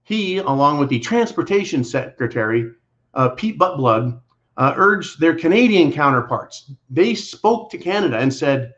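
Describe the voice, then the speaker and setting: A man's voice: on the high side, big pitch swings, moderate pace, fairly bright tone. A man hosting a political commentary show, talking in a blunt, combative, sarcastic way. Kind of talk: angry monologue to viewers. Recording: dull lo-fi audio.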